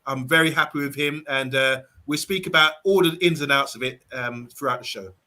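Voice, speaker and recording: A man's voice: mid-range voice, brisk, pushed and bright. A man hosting a casual fan panel chat, chatty and promotional with fillers. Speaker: show host.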